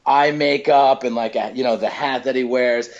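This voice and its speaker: A man tells stories in a loose, casual chat, stacking up fillers and false starts as he goes. His voice sits at an ordinary pitch for a man. The recording sounds somewhat dull and muffled. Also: moderate pace. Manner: animated storyteller, many fillers and restarts. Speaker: comedian guest.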